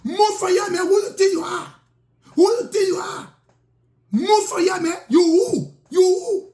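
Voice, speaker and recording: A man voicing an aggressive young man who shouts and repeats himself. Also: very high voice, lively intonation, measured pace, roomy sound, heavily acted. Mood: angry.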